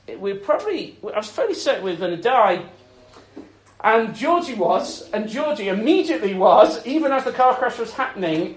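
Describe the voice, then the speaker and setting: A man's voice: high voice, a little hiss or hum. Man preaching in an echoey room. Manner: expressive storytelling, swinging between loud emphasis and soft intensity. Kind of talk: sermon. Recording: echoey room with faint ambience.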